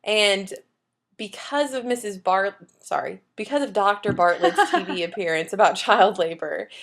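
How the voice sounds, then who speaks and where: A woman's voice: medium pitch, moderate pace, a bit bright. A woman co-hosting a podcast, chatting casually and recapping an episode with playful jokes. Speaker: podcast co-host.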